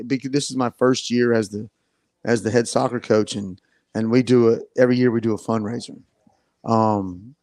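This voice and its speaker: A man, a head soccer coach chatting as a radio guest, easygoing and laughing often, halting as he talks. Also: medium pitch, steady tone, darkish tone, no echo. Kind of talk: casual radio chat.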